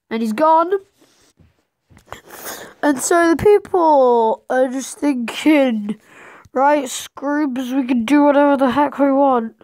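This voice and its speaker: A woman's voice: on the high side, a little mellow, clear, resonant tone, no room sound. A woman telling a rambling, playful made-up story while drawing, with sudden dramatic outbursts.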